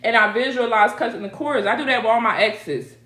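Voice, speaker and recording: A woman's voice: a little high, a little fast, sharp tone. Chatty, laughing middle-aged woman in an echoey room. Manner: chatty and laughing, talks straight to viewers. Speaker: spiritual reader and host. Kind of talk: casual live Q&A chat.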